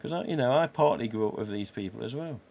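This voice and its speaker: Medium in pitch, gravelly yet a little mellow, this expressive voice moves fast. It belongs to an Englishman in his forties who hosts an easygoing live stream, chatting, swearing without restraint and acting out dialogue he cites.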